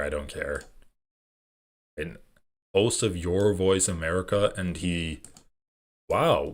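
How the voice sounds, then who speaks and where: Snarky guy streaming, lowish voice, cussing, really animated ups and downs. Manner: sarcastic, profane, laughs often. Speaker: streamer reacting to clips. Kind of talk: casual live-stream commentary.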